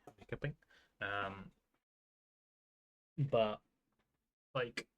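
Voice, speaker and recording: A man with a lowish voice and a bright, forward tone walks through game strategy in a relaxed, unscripted way. His talk is loose and rambling, and he keeps correcting himself mid-thought. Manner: loose and rambling, full of fillers and self-corrections. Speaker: game strategy guide creator. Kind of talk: casual explanation of game tactics.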